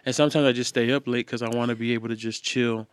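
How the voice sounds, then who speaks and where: Laid-back slangy man, smooth voice. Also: mid-range voice, steady tone, fast talker, no echo. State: tired. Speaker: podcast co-host. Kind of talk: casual chat.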